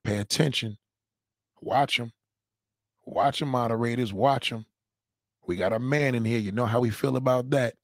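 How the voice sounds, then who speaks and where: Creaky-voiced man heckling on a livestream. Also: medium pitch, normal speed, long pauses, no room sound, clean studio sound. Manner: heckling, mocking, repetitive commands. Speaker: livestream host reacting to a clip. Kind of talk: profane live commentary.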